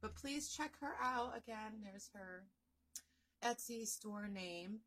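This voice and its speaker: A woman vlogging as she unboxes a crochet gift, gushing and excitable, often repeating herself. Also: mid-range voice, slow. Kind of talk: unboxing vlog.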